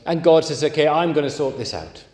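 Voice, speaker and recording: A man preaching a sermon, leaning hard and slowly on key words. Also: on the high side, expressive, a little mellow. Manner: emphatic, slow stresses on key words. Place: church. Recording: echoey church hall.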